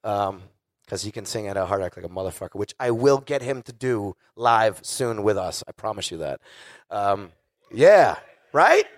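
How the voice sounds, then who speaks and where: A man telling stories on stage with animated delivery, swearing constantly and acting out other voices. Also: fairly low pitch, fairly quick, dry recording, clean studio sound. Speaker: guest musician telling stories. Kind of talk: casual storytelling on stage. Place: live show before an audience.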